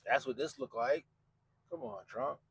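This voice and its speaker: A man's voice: mid-range voice, a little slow, gravelly, a little hiss or hum, low-quality recording. A man hosting a podcast, talking casually and profanely, mocking people and quoting them in put-on voices. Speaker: podcast host. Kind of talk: casual commentary chat.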